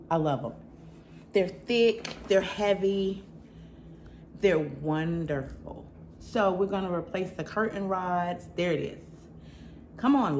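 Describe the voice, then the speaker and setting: A middle-aged woman with a Southern American accent and a notably low voice talks through a home haul vlog. She is chatty and emphatic and speaks straight to her viewers, with a faint ambient hum behind her. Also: a little mellow. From Southern United States. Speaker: channel host.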